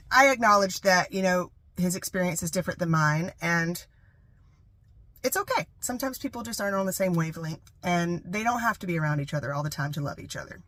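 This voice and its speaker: A woman's voice: fairly low pitch, fairly bright tone, no room sound. Candid young woman vlogging, dry sound. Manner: rambling, candid, confessional storytelling. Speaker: travel vlogger. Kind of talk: candid personal vlog. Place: living in a camper van.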